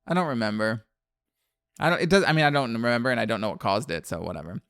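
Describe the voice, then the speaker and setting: A man's voice: medium pitch, fast, vocal fry, a bit bright, clean tone, dry recording. A man from New Orleans co-hosting a podcast, recapping a horror film in casual, profane chat and laughing often. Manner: chatty, profane, laughs often, many fillers.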